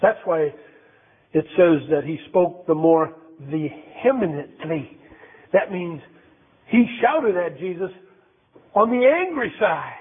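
A man's voice: high-pitched, lively intonation, measured pace, husky. A man preaching a sermon in a conversational, emphatic way, repeating phrases for effect. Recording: tinny phone-like sound.

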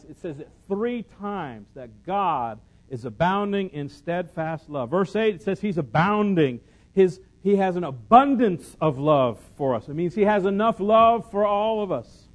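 Male pastor giving a sermon; emphatic, repetitive, lightly humorous, high-ish voice. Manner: shifts from loud scripture and sung lines to soft conversational teaching.

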